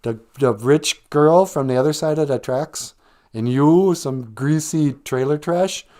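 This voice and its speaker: A man's voice: a little high, unhurried, a little mellow, voice pushed up, close to an everyday voice. A man voicing a spoiled, snooty rich teenage girl speaking dramatically.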